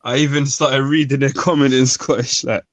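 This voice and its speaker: A man's voice: medium pitch, fairly even intonation, moderate pace, no echo. A man, chatting casually on a stream, rambling and reading comments and look-ups aloud. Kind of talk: casual chat. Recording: dull, lo-fi dry sound.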